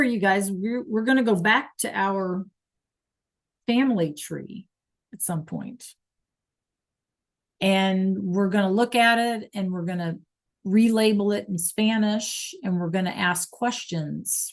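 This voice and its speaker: A woman teaching a Spanish class online over a video call, patient and checking in with students often. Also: mid-range voice.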